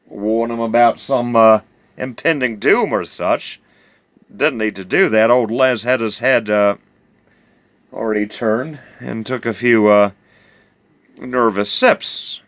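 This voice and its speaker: Gravelly New Zealand man spinning a yarn. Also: mid-range voice, fairly bright tone, no room sound. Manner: drawling, full of fillers and self-corrections. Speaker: storyteller. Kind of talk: rambling spoken yarn.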